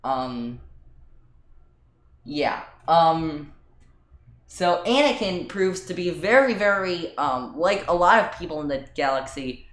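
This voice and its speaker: A man's voice: fairly high pitch, animated, takes it slowly, long pauses, fairly bright tone. Hesitant man chatting in a roomy space. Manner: hesitant, many ums and restarts. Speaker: podcast co-host. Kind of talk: casual chat. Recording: roomy echo.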